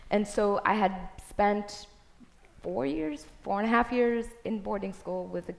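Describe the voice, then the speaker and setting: A woman's voice: mid-range voice, measured pace, vocal fry. A woman from Rwanda on a panel, reflecting on her school years with some hesitation.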